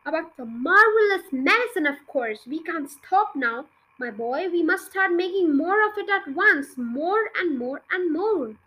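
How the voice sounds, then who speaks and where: A woman voicing an excitable middle-aged farmer father in a storybook reading, gushing and breathless, talking over everyone. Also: extremely high pitch, unhurried, hardly any pauses, exaggerated voice, low-quality recording. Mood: excited.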